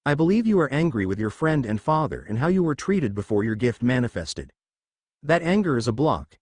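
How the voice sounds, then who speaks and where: A man voicing a calm, soothing middle-aged male doctor with a confident, measured manner in a storybook reading. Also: medium pitch, no echo, studio quality.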